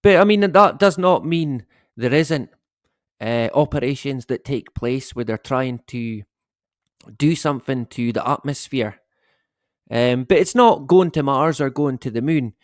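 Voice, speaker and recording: Male stream host at home, unhurried and chatty, dry close sound, rambling easy talk. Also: medium pitch, no room sound. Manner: rambling, chatty, greets viewers, chuckles often. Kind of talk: casual live-stream chat. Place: at home, dog snoring behind him.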